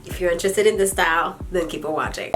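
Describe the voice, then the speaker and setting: A woman's voice: fairly low pitch, fast, fairly bright tone, soft background music. A young woman with a congested, stuffy voice, chatting playfully with her viewers in a casual hair tutorial. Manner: playful, sassy asides to viewers. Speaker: hair vlogger.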